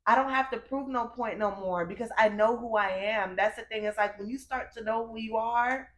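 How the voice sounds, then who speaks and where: A woman's voice: on the high side, normal speed, fairly bright tone, roomy sound. A young woman co-hosting a podcast in casual chat, candid and emphatic, repeating her phrases and calling her friend "girl" and "baby". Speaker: podcast co-host.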